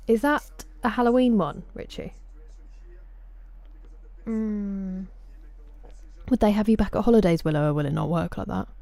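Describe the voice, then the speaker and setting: A woman's voice: lowish voice, darkish tone. A woman streamer in casual live-stream chat, answering viewers' messages by name at a desk microphone in a room at home.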